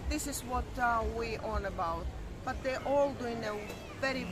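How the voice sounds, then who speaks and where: A high-voiced woman chats as co-host, speaking as an in short, halting phrases. She is recorded outdoors on a promenade. Street and traffic noise is clear behind her. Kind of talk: casual chat.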